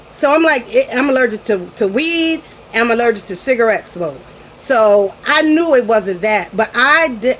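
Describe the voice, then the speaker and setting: A woman's voice: fairly high pitch, a little hiss or hum, poor audio. A woman in her forties, a parent vlogger casually telling a story to camera in a chatty, slangy way with frequent restarts.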